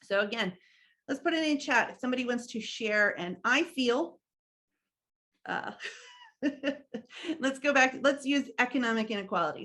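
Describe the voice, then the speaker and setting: A middle-aged woman leading an online training session, earnest and halting, with many restarts and a frequent "right?". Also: a little high, animated, a bit bright. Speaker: workshop trainer.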